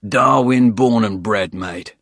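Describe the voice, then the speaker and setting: A man voicing a burly, rough Australian ex-soldier with a throaty, rusty voice, loud and boastful. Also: lowish voice, slow pace, no echo, clean studio sound, full character voice. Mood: gruff friendly.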